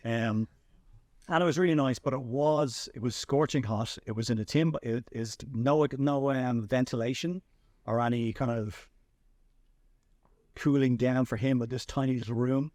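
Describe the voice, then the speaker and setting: An Irish man hosting a podcast, telling animated anecdotes in a casual chat with frequent restarts. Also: medium pitch, moderate pace, no echo, studio quality. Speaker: podcast host and filmmaker.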